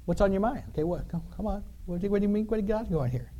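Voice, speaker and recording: A man voicing God as a calm, offhand male figure speaking quietly. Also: high voice, racing, a little hiss or hum. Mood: hushed. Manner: hushed, offhand, conversational.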